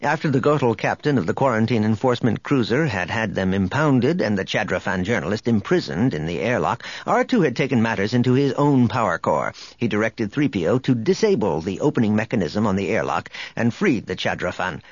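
Husky, expressive male audiobook narrator. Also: on the low side, a little fast, few pauses, no room sound, lo-fi sound. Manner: expressive storytelling. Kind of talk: scripted narration.

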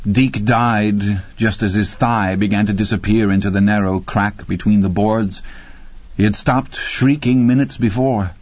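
A man with a fairly low voice reads horror fiction in a measured, grim and deliberate manner. The recording is close and dead-dry, with a slightly dull, muffled top end. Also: a little mellow, dry recording. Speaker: audiobook narrator. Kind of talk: horror audiobook narration.

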